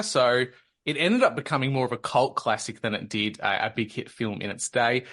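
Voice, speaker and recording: Australian man, 30s, podcast host, easygoing and quick with a joke, mid-range voice. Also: mid-range voice, a bit bright. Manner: joking, laid-back storyteller. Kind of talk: casual podcast chat.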